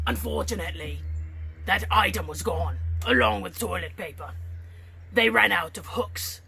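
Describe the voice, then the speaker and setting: A woman's voice: lowish voice, normal speed, gravelly, pushed and bright, a little hiss or hum. A woman teaching a children's art lesson with playful, theatrical pirate talk that she slips in and out of. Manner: hammy put-on pirate talk, slipping in and out of it. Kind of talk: online art lesson for kids.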